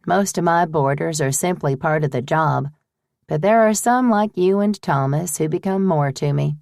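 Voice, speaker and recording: A woman voicing a shrewd older woman who runs a boarding house, brisk, firm and teasing. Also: low voice, gravelly, darkish tone, dry recording, clean studio sound. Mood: fond.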